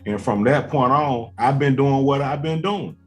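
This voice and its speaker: A man hosts a casual talk show and tells a long, meandering story. He talks at an easy, mid-range pitch and leans on fillers. Faint music sits underneath. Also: normal speed. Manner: laid-back storyteller, drawling with fillers. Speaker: host.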